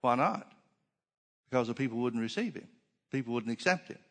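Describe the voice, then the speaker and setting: A man's voice: medium pitch, expressive, a little fast, in a large hall. A man preaching a sermon, driving his points home with repeated phrases and rhetorical questions.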